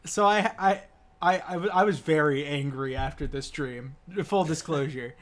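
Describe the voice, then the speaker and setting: High-voiced young man telling a story. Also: moderate pace, fairly bright tone. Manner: rambling, stammers and restarts, acts out quotes. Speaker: podcast co-host. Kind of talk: casual storytelling among friends.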